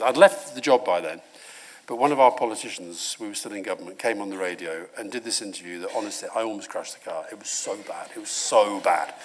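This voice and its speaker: A middle-aged man from Britain, a guest speaker answering audience questions in a live university talk, telling stories and mimicking voices. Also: fairly low pitch. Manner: animated storyteller, laughs and mimics voices. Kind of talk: live Q&A conversation. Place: university lecture hall.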